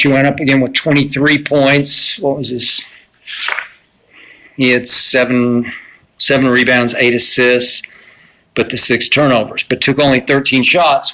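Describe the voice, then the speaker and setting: Sixties male sports commentator, bright forceful voice, emphatic and opinionated solo talk. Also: a little high, rough recording. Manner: opinionated, emphatic basketball critique with sarcastic asides. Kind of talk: solo live-stream commentary.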